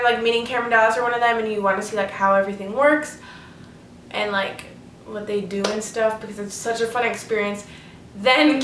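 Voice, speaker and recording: A woman's voice: on the high side, a bit bright, a little hiss or hum. A teenage girl telling a story in a casual vlog, gushing and chatty, saying "like" constantly. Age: teens. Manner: chatty, gushing, heavy use of "like". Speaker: vlogger. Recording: echoey room.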